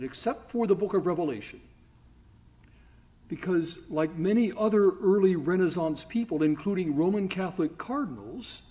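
Guy lecturing on church history, bit higher voice, jokey and rambling. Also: warm tone. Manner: chatty, humorous, with fillers and asides. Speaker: guest lecturer.

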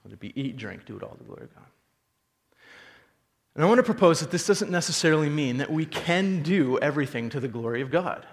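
A man preaching a sermon as a pastor, animated storytelling and rhetorical questions. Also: on the high side, quick pace, in a large hall.

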